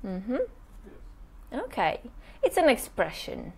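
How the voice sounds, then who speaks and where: A woman teaching English pronunciation in a live online workshop, modeling words slowly and checking in with "yes?" after nearly every point. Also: mid-range voice, big pitch swings, vocal fry, breathy edge.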